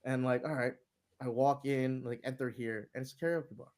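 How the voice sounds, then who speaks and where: A man's voice: mid-range voice, fairly even intonation, normal speed, darkish tone. Man from New York, loose rambling storyteller, swears freely, laughs through his story, chatty guest. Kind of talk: casual storytelling.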